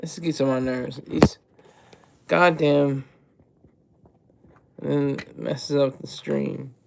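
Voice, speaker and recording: A man's voice: medium pitch, steady tone, takes it slowly, gravelly, a little hiss or hum. A man hosting a casual livestream, rambling and restarting his sentences, chatting with his viewers and chuckling between thoughts. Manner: rambling, self-interrupting, often repeats words. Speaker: livestream host. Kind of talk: casual livestream commentary, reading chat.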